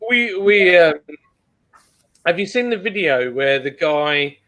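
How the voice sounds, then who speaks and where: A man's voice: fairly high pitch, animated, slow, fairly bright tone. A man who has a young daughter, chatting casually and chiming in with short remarks. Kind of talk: casual chat.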